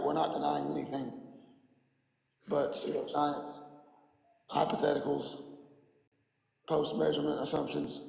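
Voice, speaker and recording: Gravelly man ranting in an echoey room. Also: on the high side, a little mellow. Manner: combative, mocking, repetitive. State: voice worn out. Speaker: flat earth streamer. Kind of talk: ranting livestream monologue.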